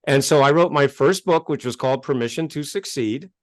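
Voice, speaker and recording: A man from the United States, a self-help author telling his life story as an interview guest, animated and acting out conversations. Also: on the high side, brisk, dry recording, studio quality. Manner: animated, gets worked up and acts out exchanges.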